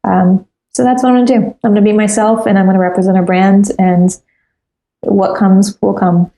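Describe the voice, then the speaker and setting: A woman's voice: medium pitch, level tone, normal speed, dark tone, reverberant. A woman guest on a podcast interview, talking earnestly and resolutely with many ums.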